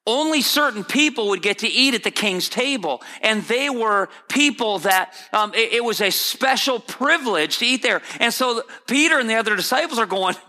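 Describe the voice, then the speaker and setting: A man's voice: extremely high pitch, lively intonation, moderate pace, hardly any pauses, pushed and bright. A man preaching a sermon as pastor, conversational and repetitive with many restarts. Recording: hall reverb.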